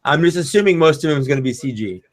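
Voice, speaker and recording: A man co-hosting a casual podcast, rambling and halting as he searches for names. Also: a little high, animated, background noise. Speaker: podcast co-host. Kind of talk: casual chat on a live stream.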